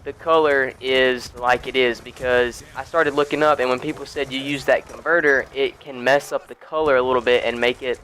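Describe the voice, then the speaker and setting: A man's voice: medium pitch, steady tone, normal speed, few pauses, a bit bright, slight background noise, rough recording. A young man chatting casually over gameplay, rambling with lots of fillers and restarts. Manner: laid-back and chatty. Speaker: gaming YouTuber.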